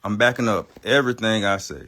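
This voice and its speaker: Bright-voiced man ranting on a livestream. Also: fairly low pitch, a little fast. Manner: rambling, profane, repeats himself; emphatic, insistent. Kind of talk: livestream rant.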